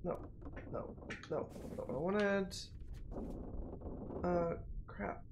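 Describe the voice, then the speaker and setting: Words come out drawn-out in this mid-range voice, set against a noisy background. It's a streamer's casual think-aloud commentary on a mystery game, full of musing and repetition while solving it.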